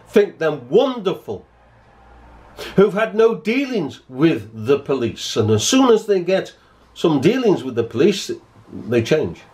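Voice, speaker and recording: A man giving an indignant monologue to camera, emphatic and repeating his points. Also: fairly high pitch. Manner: emphatic, repeats points, acts out both sides of an argument. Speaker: vlogger.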